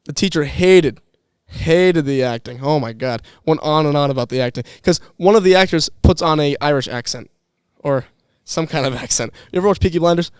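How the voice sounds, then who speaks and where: A man's voice: on the high side, brisk, few pauses, smooth, dry recording, clean studio sound. A young man chatting casually on a podcast, telling rambling stories with restarts and laughs. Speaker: podcast guest, former employee. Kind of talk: casual chat.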